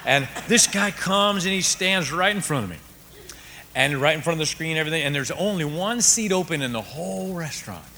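A pastor preaches a story-driven sermon, dropping to a hush and then rising to a shout. His voice is bright and forceful, a touch higher than most men's. It rings out in a large reverberant hall with faint ambience behind it. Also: fairly quick, slight background noise. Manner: animated storyteller, swings from hushed to shouting.

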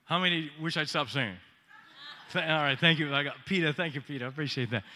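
High, piercing-voiced joking preacher man. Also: fast. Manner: joking, animated preaching with audience call-outs. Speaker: pastor. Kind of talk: sermon.

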